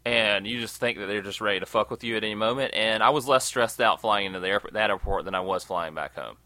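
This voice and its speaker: A man in casual, profane chat, telling animated stories and acting out quotes. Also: fairly low pitch, fast, dry recording. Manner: animated storyteller, swears often, acts out quotes.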